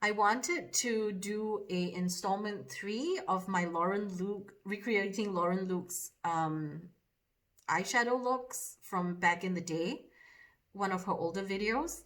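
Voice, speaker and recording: A woman's voice: medium pitch, slow, a bit bright. Woman makeup vlogger, mid-range voice, chatty and self-deprecating, casual to camera. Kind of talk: casual vlog chat.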